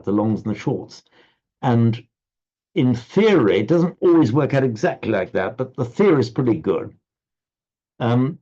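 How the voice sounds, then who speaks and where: A man's voice: mid-range voice, mellow. Patient male teacher on a dull call. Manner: patient, explanatory, halting restarts. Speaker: Sanskrit recitation teacher. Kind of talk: online class instruction. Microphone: video call.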